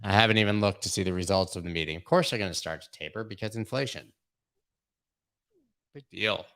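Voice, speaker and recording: Gravelly, low-voiced man riffing on a live stream. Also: brisk, fairly bright tone. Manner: loose and joking, reads out viewer questions and riffs on them. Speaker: host of a live crypto charting stream. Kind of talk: casual live-stream chat.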